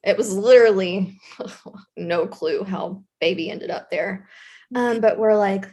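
A woman with a Southern US accent telling a school story in a casual chat, animated and chatty with plenty of fillers. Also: mid-range voice, measured pace. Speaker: guest storyteller, former intervention specialist.

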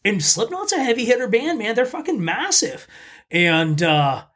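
A man's voice: very high voice, big pitch swings, moderate pace, fairly bright tone. A man chatting casually as a podcast guest, telling blunt, profane stories. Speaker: podcast guest, pizza shop owner. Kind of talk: casual chat.

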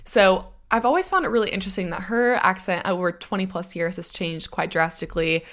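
A woman's voice: mid-range voice, a little fast, a bit bright. A young American woman hosting a podcast, talking casually on her own and drifting into side notes. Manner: chatty, rambling with side notes. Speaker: podcast host. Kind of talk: casual solo monologue.

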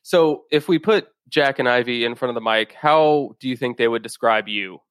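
A man's voice: mid-range voice, moderate pace, fairly bright tone, smooth, no room sound. A man hosting a podcast, interviewing a guest in a friendly, easygoing way. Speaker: podcast host. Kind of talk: casual podcast conversation.

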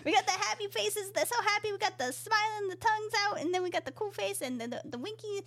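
A woman's voice: very high-pitched, lively intonation, quick pace, fairly bright tone. A woman co-hosting a casual podcast, reading listener emails aloud in a giggly, rambling way and stumbling over her words. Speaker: podcast co-host.

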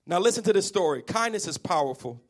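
A man preaching a sermon, animated and emphatic, calling on the congregation to answer back and sometimes half-singing his lines. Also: high-pitched, fast talker, husky. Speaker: pastor.

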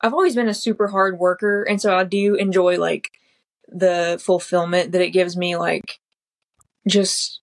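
Lady on a podcast, lowish voice, chatty, says like a lot. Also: level tone, measured pace. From Southern United States. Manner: chatty, sprinkles in lots of "like". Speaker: podcast guest, comedy creator. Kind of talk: casual interview chat.

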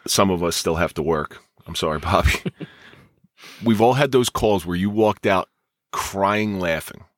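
A man from New Jersey, a police officer, hosts a podcast in a measured, scripted tone that loosens into chat. His voice is fairly low. The recording is close and dry. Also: no echo. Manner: measured scripted intro, then chatty. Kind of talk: podcast hosting.

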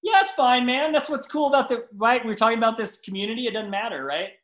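A man's voice: very high-pitched, lively intonation, fast, fairly bright tone, echoey room. A middle-aged man, a podcast guest, chatting in an upbeat, friendly way. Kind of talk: casual podcast chat.

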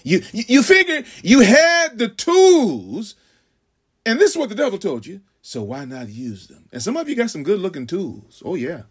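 A man preaching a sermon, calling out "huh?" to the congregation, stammering on repeats and swinging from shouts to hushed asides. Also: high voice, big pitch swings, normal speed, husky. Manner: call-and-response, frequent "huh?"; stammering repeats when building. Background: congregation laughing.

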